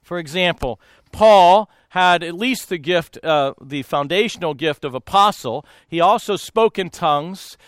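A man speaking as a pastor in a storytelling talk, animated, laughing often and acting out the voices of people in his stories. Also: high-pitched, a little slow, dry recording.

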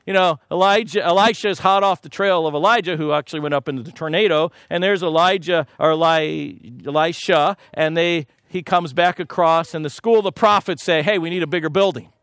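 A middle-aged man preaching a sermon, telling stories in an animated way and dropping to a hushed voice for prayer. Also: a little high, fairly quick, few pauses, clear, resonant tone, no room sound, clean studio sound. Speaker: pastor.

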